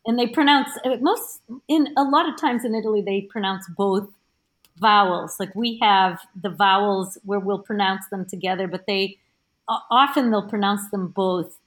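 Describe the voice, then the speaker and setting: A woman guest on a podcast, a teacher, chatting and explaining in a halting way with many restarts, heard over a remote call. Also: medium pitch, steady tone, fairly bright tone. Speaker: guest, teacher of Italian studies. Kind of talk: casual podcast chat.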